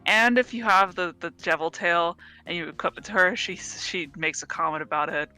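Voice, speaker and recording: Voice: mid-range voice, fairly quick, pushed and bright, clear, resonant tone, soft background music. A speaker in a loose group chat, laying out a theory at length and swearing now and then. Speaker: friend in group discussion. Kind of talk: casual group chat over a call.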